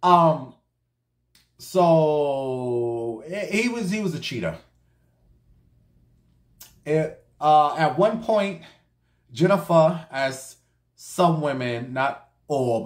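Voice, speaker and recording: Man, sassy gossip storytelling, cussing and slangy, fairly high voice, echoey room. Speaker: storytime vlogger.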